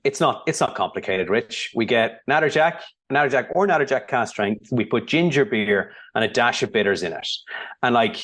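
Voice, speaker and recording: A man, a founder who is a guest on a podcast, telling stories in a relaxed way and often restarting his sentences. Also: medium pitch. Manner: relaxed storytelling, many restarts. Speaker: whiskey brand founder, guest. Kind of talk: casual interview chat.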